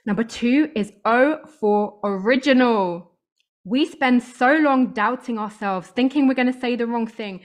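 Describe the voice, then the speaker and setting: A woman's voice: on the high side, a little slow. Emphatic, upbeat woman giving a motivational talk. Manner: emphatic, upbeat, repeats key words. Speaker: voice coach. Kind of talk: motivational talk to a live audience.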